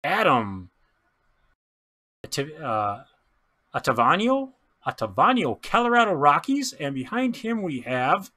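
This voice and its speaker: An excitable man talks through a pack break in a loose, chatty way, tripping over names and laughing as he goes. His pitch swoops all over and sits a bit high, and his tone is bright and forceful. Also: normal speed. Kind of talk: casual card-opening commentary.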